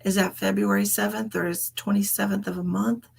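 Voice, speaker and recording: A woman's voice: medium pitch, fairly even intonation, a little fast, creaky, slight background noise. A woman, giving psychic readings on a live stream in a chatty way and calling people darling and sweetheart. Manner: chatty, calls people endearments. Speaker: psychic medium.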